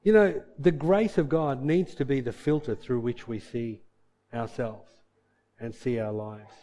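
A man's voice: medium pitch, a little slow, dark tone. A middle-aged man preaching a sermon as pastor, earnest and impassioned, often acting out the voices of believers.

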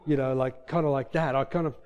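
A man's voice: medium pitch, steady tone, quick pace, darkish tone, dull audio. A middle-aged man sharing a personal faith testimony in an earnest, emotional way, with many fillers and reenacted quotes.

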